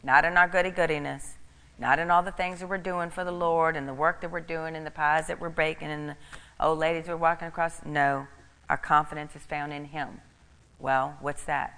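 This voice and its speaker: Low gravelly woman preaching. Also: steady tone, moderate pace, fairly bright tone, long reverb tail. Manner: emphatic, repeats key phrases for stress. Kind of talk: sermon.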